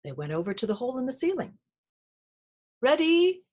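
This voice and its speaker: A woman reading a children's picture book aloud in an expressive, sing-song storytelling manner. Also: medium pitch, very fast, breathy edge. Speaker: reader.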